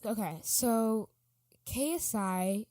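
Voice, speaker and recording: A woman's voice: on the high side, slow pace, dark tone, dry recording. A teenage girl hosting a podcast, chatting casually and rambling, often correcting herself and trailing off. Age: teens. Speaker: podcast host.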